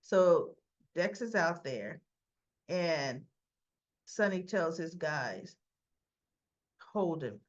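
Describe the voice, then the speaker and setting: A woman giving a chatty, animated soap opera recap. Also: on the low side, very slow, long pauses. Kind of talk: casual recap. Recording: dull lo-fi recording.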